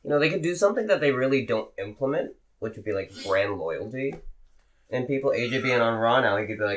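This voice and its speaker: A man's voice: medium pitch, animated, quick pace, a little hiss or hum. A man co-hosting a podcast, chatting casually and trading jokes. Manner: joking, bantering. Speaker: podcast co-host. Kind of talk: casual wrestling podcast chat.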